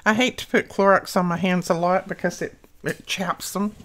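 A woman's voice: fairly low pitch, fairly even intonation, moderate pace. An older woman hosting a crafting video, chatting casually and telling homey family stories as she works. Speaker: crafting channel host.

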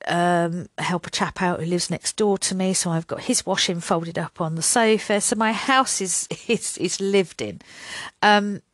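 An older woman with a lowish voice chats her way through a solo podcast, rambling and laughing at herself as she acts out little back-and-forths. She is recorded close and dry, with no room sound around her. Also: no echo. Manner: rambling, self-deprecating, laughs often, acts out little dialogues. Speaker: podcast host.

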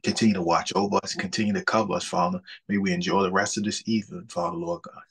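A man leading a spoken prayer and chatting on a group call, fervent and repetitive, with filler pauses. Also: low voice, a bit bright, husky. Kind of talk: spoken prayer and casual chat. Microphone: group call audio.

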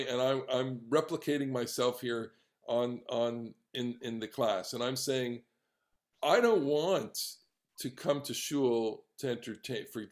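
A middle-aged man, a rabbi, leading a conversational class discussion, talking in halting bursts with many restarts and repeated words. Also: mid-range voice.

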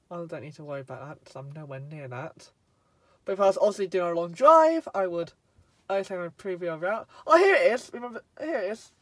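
A man with a high, slightly bright voice reviews a car from the driver's seat in a casual vlog. He talks in a chatty, rambling way, often breaking off mid-sentence. The recording is low quality with no echo.

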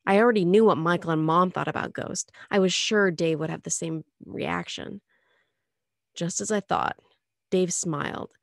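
A woman reading a novel aloud chapter by chapter in an expressive storytelling manner. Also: on the low side, normal speed, gravelly, no room sound, studio quality. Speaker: audiobook reader.

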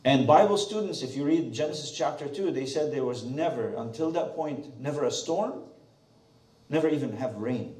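A man preaches with an animated, rising and falling voice, firing questions at his congregation. His mellow tone carries through an echoey sanctuary, heard from a little way off the mic. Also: mid-range voice, moderate pace, distant mic. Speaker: pastor. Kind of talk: sermon. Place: church sanctuary.

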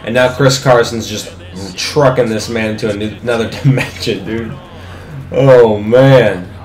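A young gaming commentator excitedly narrates his own football video game live, swearing freely and talking at the screen. His medium-pitched voice is unhurried and sounds reverberant.

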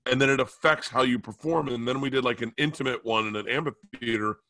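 A man's voice: mid-range voice, a little fast, sharp tone, no room sound. A man co-hosting a casual podcast, a touring comedian who rambles and restarts his thoughts.

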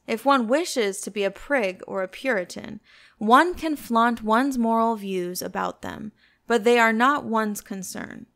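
A cynical aristocratic gentleman drawls clever epigrams in a languid, unhurried manner, as a woman reads him in an audiobook. The voice is a touch high and gravelly. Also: exaggerated voice.

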